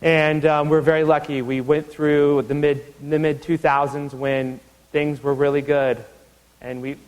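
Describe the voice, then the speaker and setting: Animated man storytelling in a hall. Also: unhurried, smooth. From Iowa. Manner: animated, acts out quoted voices with big pitch jumps. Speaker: guest lecturer. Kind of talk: storytelling university lecture. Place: lecture hall.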